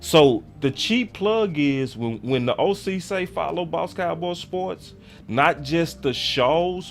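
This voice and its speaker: A man hosting a casual sports talk show, animated and swearing as he vents. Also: fairly high pitch. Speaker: host.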